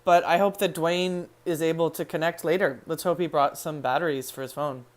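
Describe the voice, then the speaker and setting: A woman's voice: low-pitched, fairly even intonation, a little fast. Chatty emotional woman hosting a live stream. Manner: chatty, emotional, laughs easily. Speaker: fan channel host. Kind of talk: casual live-stream chat.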